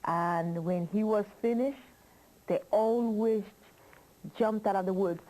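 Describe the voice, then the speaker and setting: A woman telling a children's story slowly and expressively, asking listeners questions. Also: medium pitch, warm tone, a little hiss or hum, rough recording.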